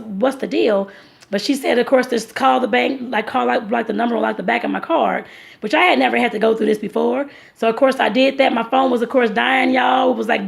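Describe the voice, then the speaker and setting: A woman vlogger tells a long personal story in a loose, rambling way, calling her viewers y'all. Her voice sits a little high and carries heavy vocal fry. She circles back with fillers and restarts as she talks. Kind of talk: casual storytelling vlog.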